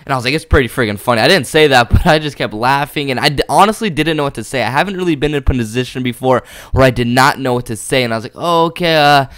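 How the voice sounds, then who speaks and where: Fast-rambling young man telling a story. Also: medium pitch, a bit bright, no room sound, clean studio sound. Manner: rambling, lots of "uh" and "like", chuckles as he tells it. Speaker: gaming YouTuber. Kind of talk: casual storytelling vlog.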